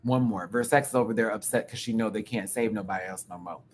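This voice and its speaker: A man giving casual live-stream commentary as a show reviewer, animated and campy, with quick asides and laughs. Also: fairly low pitch, slight background noise.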